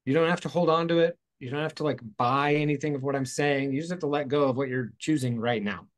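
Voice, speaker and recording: Guy rambling thru a spiritual chat, goofy asides, corrects himself a lot, mid pitch. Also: quick pace. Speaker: host. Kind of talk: casual spiritual talk. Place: outdoors in hot weather.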